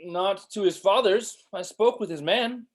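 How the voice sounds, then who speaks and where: A man's voice: sits high, measured pace. A man reading the part of an earnest young friend, in a plain, earnest way, during a cold read over a video call. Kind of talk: cold read of a stage play.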